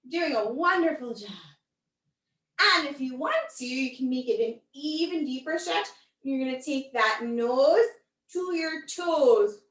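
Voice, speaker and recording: Leading small children through animal stretches, this woman's high voice has a fairly bright tone and a sing-song, upbeat, encouraging manner. She's a children's yoga and storytime teacher running a guided stretching lesson, recorded in an echoey room with her voice a little far from the mic.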